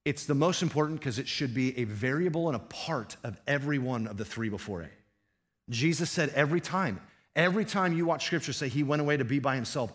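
A man preaching from the pulpit, his voice sitting a little higher than most men's. He talks to the congregation casually, throwing rhetorical questions out to them as he goes. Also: a bit bright. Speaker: pastor. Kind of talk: sermon.

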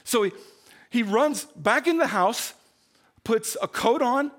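A male pastor telling a story in a sermon, swinging between loud bursts and hushed, slowed-down passages. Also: extremely high pitch, expressive.

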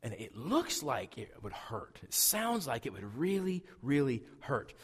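Man, pastor, from Wyoming, storytelling sermon, animated, loud-to-hushed swings, long hall reverb. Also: medium pitch, unhurried, slightly rough. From Wyoming, USA.

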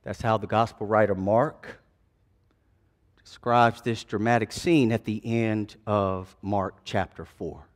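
A man preaching a sermon, retelling a gospel scene in dramatic, folksy storytelling that swings between hushed and loud passages. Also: on the low side, steady tone, slow. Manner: casual, folksy turns of phrase.

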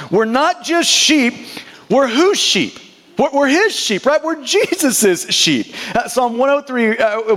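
High-voiced preacher in a reverberant hall. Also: male voice, fairly bright tone. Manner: emphatic, repeats words with stutter-starts. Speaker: pastor. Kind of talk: sermon.

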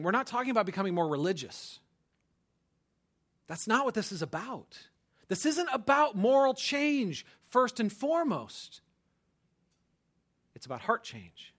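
A man preaching a sermon in a lively, conversational way, often checking in with the congregation. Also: high voice. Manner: animated, conversational preaching with frequent "right?". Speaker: pastor.

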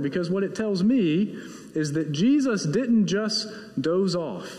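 Male pastor, sermon storytelling, higher voice, unhurried, phrases trailing off softly; church sanctuary with a roomy echo. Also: lively intonation. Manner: slow storytelling delivery that drops soft at phrase ends. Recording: echoey hall with long reverb.

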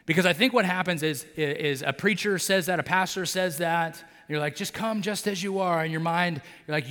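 Male pastor, conversational sermon, slightly higher voice, filler-heavy, long hall reverb. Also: a little fast, hardly any pauses, fairly bright tone. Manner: conversational, many fillers like "like" and "right?"; acts out characters' lines in his storytelling. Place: church sanctuary.

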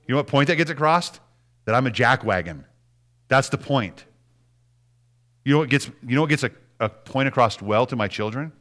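A middle-aged man preaching a sermon as a pastor, animated and dropping to soft, hushed words for emphasis. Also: mid-range voice, brisk.

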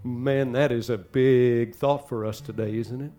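A man preaching a sermon as pastor, dropping to soft asides and then climbing into loud, urgent exhortation. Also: mid-range voice, fairly even intonation, measured pace, faint music behind.

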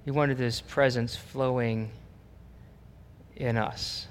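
A man's voice: medium pitch, fairly even intonation, slow, slight background noise. Man preaching in an echoing hall. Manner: storytelling, rising to emphatic preaching. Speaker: pastor. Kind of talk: sermon. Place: church sanctuary. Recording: long reverb of a church hall.

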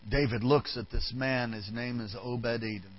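In a lo-fi recording with soft band music, a pastor gives an animated sermon, recounting a Bible story with acted-out voices and asides to the band. His voice is mid-range and his pace moderate.

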